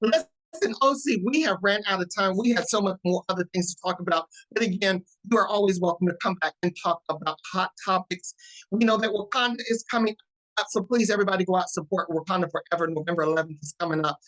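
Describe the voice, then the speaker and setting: A man's voice: sits high, quick pace, a bit bright, poor audio. A man hosting a talk show in a chatty style, often answering his guest with "yes" and "that's right". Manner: affirming, call-and-response. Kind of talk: casual talk-show chat.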